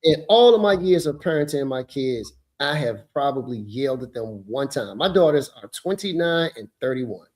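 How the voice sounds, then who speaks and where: A man in his fifties, a podcast host telling a story in an emphatic, animated way. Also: mid-range voice, moderate pace, hardly any pauses.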